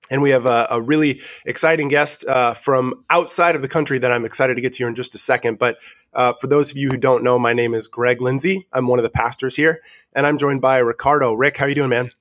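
A man with a cold opens a church podcast as its pastor and host. His voice comes out nasal and stuffy, and he talks in a relaxed, easygoing way, pausing with fillers as he goes. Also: mid-range voice, no room sound, clean studio sound. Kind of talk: casual podcast chat.

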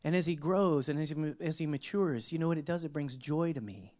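Talking a little fast, a male pastor gives a conversational sermon built around rhetorical questions. Now and then he bursts out emphatically, then drops into low, hushed asides.

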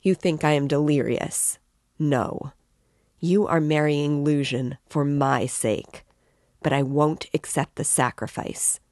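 A woman's voice: sits low, slow, a little mellow, no room sound, studio quality. A woman voicing a tormented, feverish young man who speaks curtly and in a strained, broken way. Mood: irritable.

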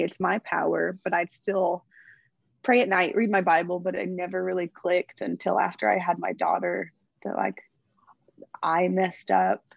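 Gravelly low-pitched young woman. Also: no room sound, highs cut off. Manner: chatty, gushing, emotional. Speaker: interviewed athlete. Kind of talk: casual interview.

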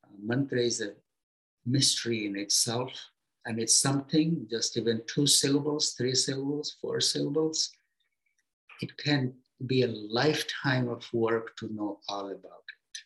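Unhurried man giving a spiritual talk. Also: mid-range voice, low-quality recording. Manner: gentle, unhurried, speaks in short phrases with pauses; simple everyday comparisons, encouraging tone. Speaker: spiritual teacher.

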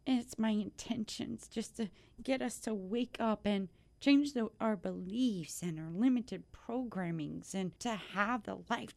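A woman's voice: mid-range voice, a little mellow. A woman hosting her own life-coaching podcast, talking in an effusive, grateful way with many restarts, teary from joy. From United States. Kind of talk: casual podcast monologue.

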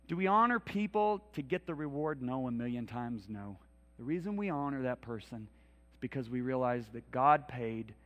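A middle-aged man preaching a sermon in a church, telling personal stories and leading a prayer. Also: mid-range voice. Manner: storytelling, animated, rising to loud pleas. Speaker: minister. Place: church hall.

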